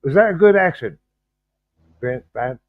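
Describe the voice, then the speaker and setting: A man hosts a loose livestream chat, his voice jumping up and down in pitch as he stops and restarts his sentences. He talks slowly and sounds distracted. The sound is thin and phone-like, with no room echo. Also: animated. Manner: halting and distracted, many restarts while fiddling with stream settings. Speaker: livestream host. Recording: thin phone-like video-call audio.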